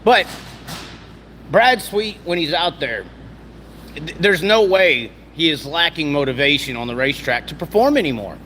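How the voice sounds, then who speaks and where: A man's voice: fairly high pitch, animated, normal speed, long pauses, sharp tone, slight background noise. A man with a Southern US accent giving rambling, casual racing commentary, repeating himself and using folksy slang, just woken up. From American South. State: just woken up, clearing throat.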